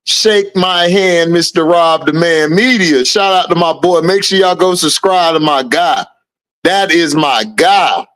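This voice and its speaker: A man with a high-pitched voice hosts a laid-back livestream, greeting viewers by name and laughing through his replies. He takes his time and speaks. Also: unhurried, fairly bright tone. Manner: reads out viewer names and answers chat, laughs often. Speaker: livestream host. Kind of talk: casual live-chat commentary.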